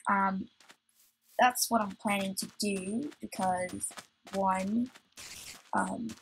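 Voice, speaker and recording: A woman's voice: mid-range voice, steady tone, drawn-out words, slight background noise, rough recording. A woman hosting a let's play, chatting to herself as she plays and getting easily startled. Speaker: gaming channel host.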